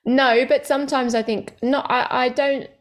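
A woman stand-up comedian chatting as an interview guest, talkative and quick to correct herself, with lots of fillers. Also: sits high, fairly even intonation. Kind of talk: casual interview chat.

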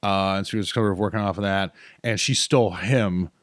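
A man telling a long story in casual chat, animated and rambling, with fillers and acted quotes. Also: sits low, fairly quick, a crowd in the background. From North Carolina.

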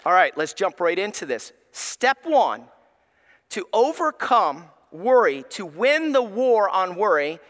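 A male pastor preaching in a church with an unusually high, bright voice. He is emphatic and speaks straight to the congregation, and his voice trails off into a long reverb in the sanctuary. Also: very animated, measured pace. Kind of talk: sermon.

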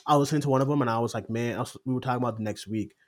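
Excitable young man co-hosting. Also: mid-range voice, very fast. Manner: excited, swears often, acts out quotes. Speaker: podcast co-host. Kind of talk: casual chat.

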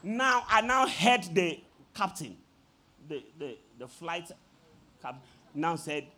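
A man preaching a sermon, telling a story with laughter and sudden shouted peaks. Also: a little high, big pitch swings, slow pace, long pauses. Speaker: pastor.

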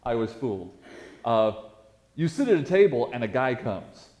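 A man preaching in a storytelling style, animated and self-mocking, often repeating words for effect. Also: medium pitch, moderate pace. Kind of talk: storytelling sermon.

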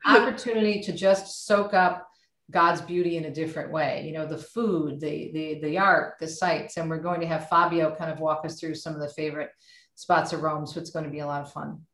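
A middle-aged woman, a radio host, chatting with warm encouragement in a casual podcast conversation. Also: low-pitched, brisk. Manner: warm, animated and encouraging, speaks of faith. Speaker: radio host and author guest. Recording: roomy echo.

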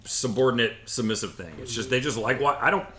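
A man's voice: mid-range voice, fast, sharp tone. A man hosting a podcast, talking frankly and steering the casual conversation. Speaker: podcast host.

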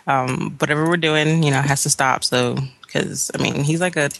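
A woman's voice: sits low, fairly even intonation, creaky. A woman guest on a podcast, talking casually and laughing often. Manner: chatty, laughs often, quick asides. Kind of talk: casual chat.

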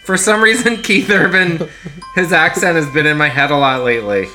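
Co-host, male, bright voice, playful riffing, quick put-on impressions, light music bed. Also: a little high. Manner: slips into mock celebrity impressions. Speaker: podcast co-host. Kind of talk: casual comedic chat.

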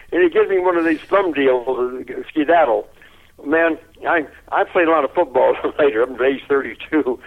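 An older man telling a lively anecdote in an interview, chuckling often and repeating his words as he goes. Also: fairly high pitch, measured pace. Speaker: interview guest. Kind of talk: anecdotal storytelling. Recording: tinny phone-like line.

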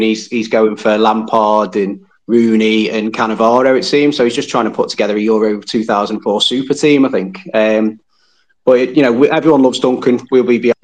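Male caller, mid-pitched, dry and rambling, phone audio. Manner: wry, dry humour, rambling. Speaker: phone-in guest, football fan. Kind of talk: casual chat.

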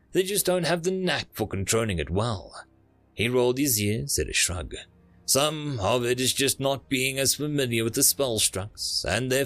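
A man reading an audiobook with expressive delivery at a middle pitch. His intonation moves freely up and down, and the dry, close recording carries faint music underneath. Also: no room sound. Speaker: narrator. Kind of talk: audiobook narration.

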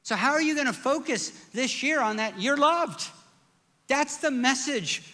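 High, bright-voiced male pastor preaching. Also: animated, unhurried, big-room sound. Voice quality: self-described squeaky voice. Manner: conversational, emphatic preaching with rhetorical questions. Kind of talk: sermon.

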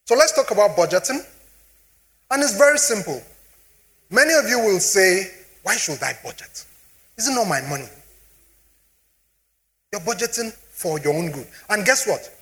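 A man's voice: high-pitched, moderate pace, pauses often. A middle-aged man with a Nigerian accent giving a motivational finance talk, often asking the audience if they follow him. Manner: animated, asks the audience questions often. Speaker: speaker on personal finance.

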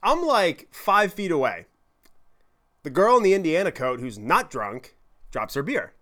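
A man telling a story in a podcast monologue, animated, profane and self-deprecating. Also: fairly high pitch, unhurried. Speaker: podcast host.

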